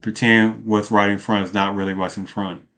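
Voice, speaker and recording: A man's voice: on the low side, level tone, moderate pace, a bit bright, faint music behind. A man giving opinionated political commentary in a rambling way, asking rhetorical questions and often correcting himself. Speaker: video commentator.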